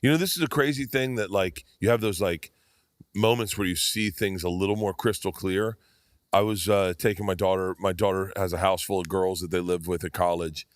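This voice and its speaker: Speaking fairly quickly in a low voice, this fifties-aged podcast guest spins rambling, animated stories and performs the quotes himself. The sound is clean studio audio without echo.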